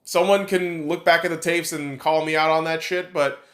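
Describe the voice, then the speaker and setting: A man's voice: fairly high pitch, fairly even intonation, normal speed, a bit bright. Blunt, profane man ranting about sports. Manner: blunt, profane, opinionated, rambling with restarts. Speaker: podcast host. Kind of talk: casual sports opinion rant.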